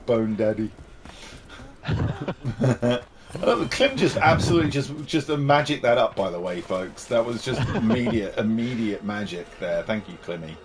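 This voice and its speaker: A man's voice: medium pitch, expressive, measured pace, noisy background. A man streaming a game, chatting casually in a playful, jokey, rambling way. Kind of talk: casual gameplay chat.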